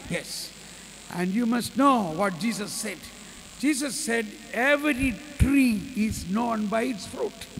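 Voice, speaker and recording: A man preaching a sermon, telling a story slowly and leading the group in prayer and hallelujahs. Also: very high-pitched, creaky, a bit bright. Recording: reverberant hall with faint mains hum.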